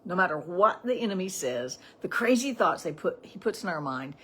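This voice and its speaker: A woman's voice: on the low side, animated, moderate pace, fairly bright tone, slight background noise. A middle-aged woman giving a casual morning devotional, talking in a chatty way with frequent "right?" asides. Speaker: devotional teacher.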